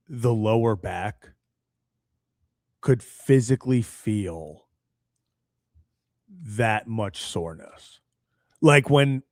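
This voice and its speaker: A man's voice: mid-range voice, no echo. A man in his mid-twenties with a mid-range voice tells a story in an easygoing casual chat and leans on plenty of fillers. The recording is close and dry. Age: 20s. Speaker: sports talk show co-host.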